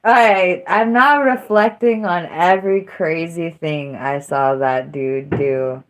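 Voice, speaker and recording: A woman's voice: low-pitched, takes it slowly. A woman hosting a livestream, chatting casually and emotionally, rambling and trailing off. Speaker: livestream host.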